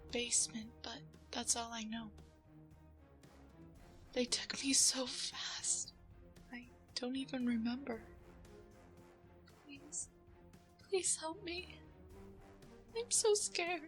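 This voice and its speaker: A woman's voice: high-pitched, fairly bright tone. A woman playing a frightened young woman held captive in an audio drama, talking in whispery, breathless bursts and stammering when scared. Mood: tense, frightened. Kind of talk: audio drama role-play.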